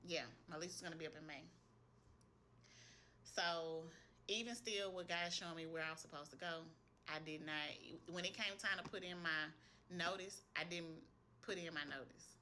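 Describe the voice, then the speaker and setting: A woman's voice: on the low side, fairly even intonation, normal speed, pushed and bright, a little hiss or hum. A woman, an esthetician, telling viewers a personal faith story in a casual, earnest testimony, speaking straight to them. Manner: earnest, retells what she heard in prayer.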